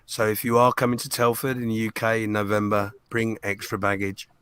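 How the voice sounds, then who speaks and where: Low-ish guy hosting a charity stream, lots of ums, dry mic. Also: level tone, a little fast, a bit bright, smooth, dry recording. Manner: hesitant, many ums and restarts. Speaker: host of a charity auction stream. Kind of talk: casual live-stream chat.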